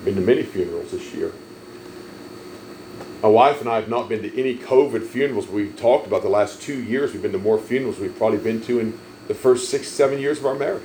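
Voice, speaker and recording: A man preaching a sermon, telling stories emphatically and swelling loud on key lines. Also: on the low side, a little fast, slight background noise, low-quality recording. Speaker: pastor.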